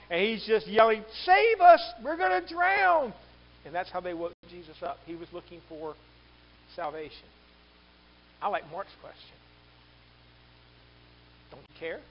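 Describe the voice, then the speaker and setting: Animated high-voiced male pastor preaching. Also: highs cut off. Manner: animated preaching with acted-out quotes. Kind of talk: sermon.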